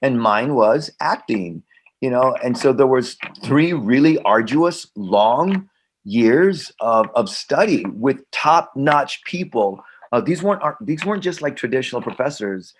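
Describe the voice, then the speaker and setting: Animated middle-aged male actor, storytelling. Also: mid-range voice, unhurried, slight background noise. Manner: animated, repeats himself, acts out quoted dialogue. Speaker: actor, guest. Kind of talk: conversational storytelling.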